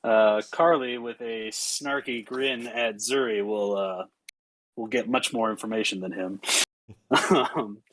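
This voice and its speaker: A man narrating as game master, casual and halting with many fillers. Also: on the low side, steady tone, a bit bright, dry recording, low-quality recording.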